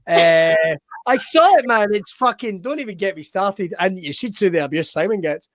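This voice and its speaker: A man's voice: high voice, animated, moderate pace, no room sound, studio quality. A man hosting a casual Q&A on a video call, bantering and swearing freely. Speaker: host. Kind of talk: casual chat, Q&A.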